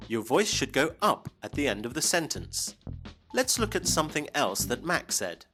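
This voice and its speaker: A man presenting a scripted English lesson, speaking clearly and slowly for learners. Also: medium pitch, big pitch swings, over music. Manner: clear, slow teaching delivery. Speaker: English teacher.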